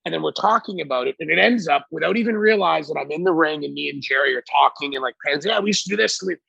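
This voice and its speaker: Gravelly, husky man telling wrestling-style stories. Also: on the high side, fast talker, no room sound. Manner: animated, profane, acts out quotes. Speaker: guest. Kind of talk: casual storytelling. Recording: dull lo-fi recording.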